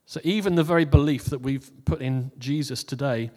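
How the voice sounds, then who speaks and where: A man's voice: mid-range voice, normal speed, darkish tone, in a large hall. A man giving a casual New Year sermon who reads out funny posts and laughs at his own jokes before turning to scripture. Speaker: preacher.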